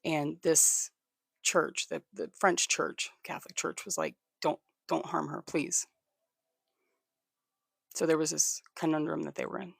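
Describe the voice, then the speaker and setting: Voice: medium pitch, steady tone, normal speed, creaky, fairly bright tone, husky, no room sound, studio quality. A livestream host telling a history story in a casual way, often stopping to repeat or restart words and to thank viewers.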